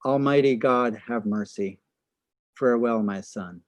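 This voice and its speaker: A man's voice: mid-range voice, measured pace, dry recording, close to an everyday voice. A man reading as a solemn old priest. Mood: grave. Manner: solemn, imploring. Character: stern elderly male priest pleading.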